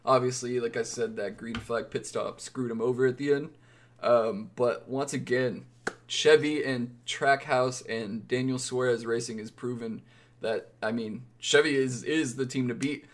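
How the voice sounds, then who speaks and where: A man's voice: medium pitch, steady tone, a little slow, a little hiss or hum. A man co-hosting a casual sports podcast, rambling and wry, often correcting himself mid-sentence. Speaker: podcast co-host.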